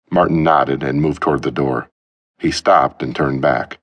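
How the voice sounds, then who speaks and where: Very deep-voiced male audiobook narrator. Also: normal speed. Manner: expressive, storytelling delivery. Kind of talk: scripted narration.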